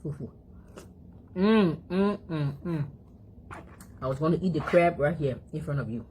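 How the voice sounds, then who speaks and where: A woman's voice: low voice, expressive, unhurried, darkish tone, a little hiss or hum. A woman from Africa, chatting casually to her phone and her dog between mouthfuls and humming as she chews. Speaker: vlogger. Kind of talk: casual eating vlog chat.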